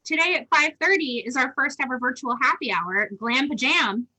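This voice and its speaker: Woman co-host, bright tense tone, slightly high voice, frank and loose. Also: lively intonation, a little fast, poor audio. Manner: frank, swears casually, rambling. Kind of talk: casual chat.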